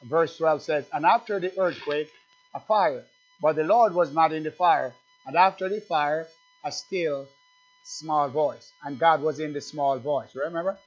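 A man preaching a sermon, emphatic and fervent, swinging from loud bursts to low conversational asides and quizzing his congregation. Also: measured pace. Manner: asks the congregation questions. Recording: dull lo-fi church recording.

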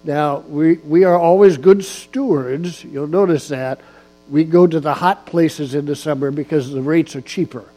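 A man preaching in a church, his voice pitched a little high and his delivery slow and deliberate. He leans on key phrases and repeats them for emphasis, with a faint mains hum running under the recording. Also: dark tone, soft background music. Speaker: guest preacher, district church official. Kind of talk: sermon. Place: church sanctuary.

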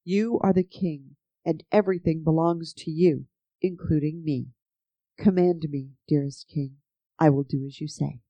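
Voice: mid-range voice, fairly even intonation, a little slow, warm tone, dry recording, lo-fi sound, natural voice. A storyteller voicing an eager, adoring young girl who speaks devotedly to her king.

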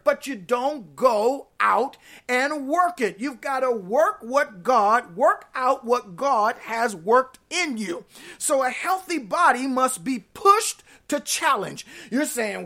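A woman's voice: high-pitched, sing-song, takes it slowly, pushed and bright. A woman pastor preaching an online sermon in an emphatic, folksy way, repeating her key points.

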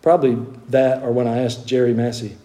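A man's voice: medium pitch, little pitch movement, brisk, warm tone. A middle-aged male pastor telling his own conversion story in a sermon, folksy and earnest, sometimes repeating words as he presses a point.

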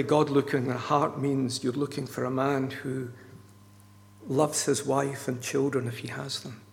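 Male preacher, gravelly, emphatic sermon delivery, recorded with long hall reverb. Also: mid-range voice. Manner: earnest, emphatic, repeats key words.

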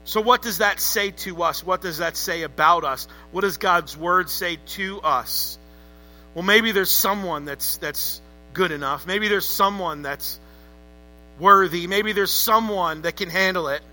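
Emphatic preacher man, bright tense voice. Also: sits high, a little slow, faint music behind, poor audio. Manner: emphatic, calls for congregation responses. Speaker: pastor. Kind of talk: sermon.

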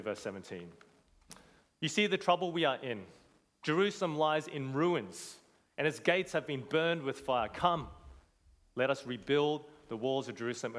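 Male preacher, mid-pitched, emphatic and earnest, echoing church hall. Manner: earnest, emphatic, rhetorical questions. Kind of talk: sermon.

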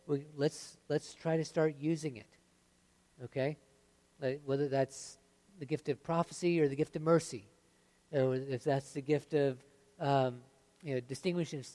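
A man preaching a conversational sermon, often checking in with "right?" and "okay?", moving between lively emphasis and quiet, earnest stretches. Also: a little high. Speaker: pastor.

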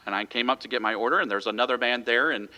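Pastor, male, bright forceful tone, relaxed storytelling sermon delivery. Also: medium pitch, racing. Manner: conversational storytelling with a light chuckle.

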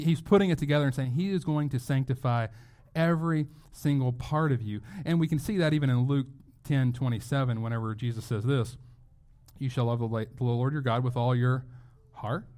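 A man's voice: mid-range voice, warm tone. A man preaching a sermon as pastor, earnest and emphatic, often restarting his phrases.

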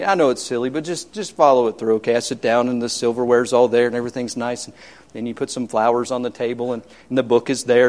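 A man's voice: medium pitch, darkish tone. A man preaching a sermon as pastor, emphatic and repetitive, telling homely stories with humor.

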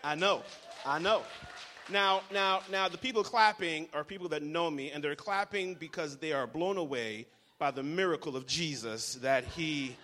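A young man preaching a lively, joking sermon to a congregation, leading call-and-response. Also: a little high, moderate pace. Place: church hall. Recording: reverberant hall.

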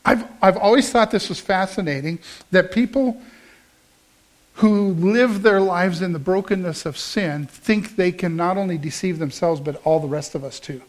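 Male pastor, middle-aged, high voice, conversational storytelling sermon. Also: normal speed. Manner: storytelling, conversational with emphatic rises.

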